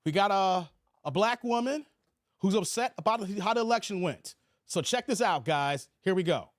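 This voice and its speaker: A man hosts a loose, casual livestream, chatting to viewers and reading their comments aloud. His voice sits high for a man, and the sound is dry and close with no room around it. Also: lively intonation, moderate pace, dry recording. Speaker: livestream host.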